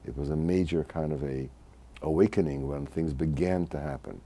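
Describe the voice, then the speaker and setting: A man in his eighties who grew up in Hungary, recalling his childhood in a measured, reflective oral history interview. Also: extremely low pitch, steady tone, warm tone, husky. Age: 80s. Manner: measured, reflective, restarts mid-phrase.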